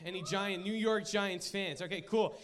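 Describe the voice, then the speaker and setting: A young man preaching to a live audience, opening with a funny personal story before turning to his sermon in an animated, joking way. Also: sits high, normal speed. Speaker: youth pastor.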